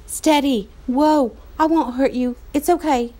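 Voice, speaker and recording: A woman's voice: sits high, fairly even intonation, measured pace, dark tone, pitched above the performer's own voice. A woman voicing an earnest, stubborn young boy who speaks firmly, close to her own voice. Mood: soothing.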